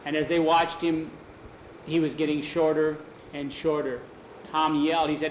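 A man's voice: on the high side, level tone, moderate pace, echoey room. Man, casual oral storyteller, restarts words, dull lo-fi recording, faint hiss.

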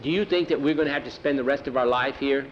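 A man voicing an excitable, frail young Mexican ranch hand who speaks broken English sprinkled with Spanish words. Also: medium pitch, fast, highs cut off, slight background noise, lightly acted. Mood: earnest.

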